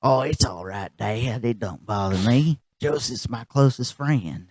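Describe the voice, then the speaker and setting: A man voicing a mild, unbothered young cartoon son, speaking softly and matter-of-factly. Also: mid-range voice, a little slow, no echo, studio quality, close to an everyday voice. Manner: soft, calm and matter-of-fact.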